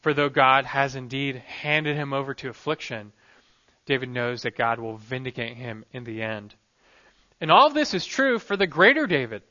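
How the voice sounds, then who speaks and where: Emphatic pastor with a bright voice. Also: male voice, on the high side, dull audio. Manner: earnest, emphatic, dynamic delivery. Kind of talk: sermon.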